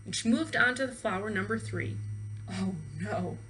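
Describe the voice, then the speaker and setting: A woman teacher reading a children's book aloud expressively, pausing to ask her young listeners questions. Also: medium pitch, fairly bright tone, a little hiss or hum, poor audio.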